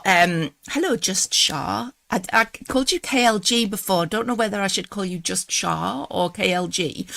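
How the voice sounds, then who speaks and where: A woman's voice: mid-range voice, a bit bright, no echo. A woman with a Geordie accent hosting a live tarot stream, chatting in a rambling, self-deprecating way and laughing often, wired on coffee. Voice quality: quick, clipped voice. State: buzzing on coffee after feeling unwell. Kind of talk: casual live-stream chat.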